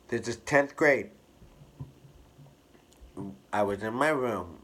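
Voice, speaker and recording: A man candidly telling a personal story to camera in an expressive, drawn-out way. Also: medium pitch. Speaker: hairstylist vlogger.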